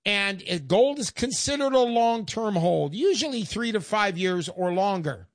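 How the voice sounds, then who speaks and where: A man's voice: sits high, expressive, measured pace, no echo, clean studio sound. An older man hosting a call-in radio show, chatty and folksy, getting emotional as he talks.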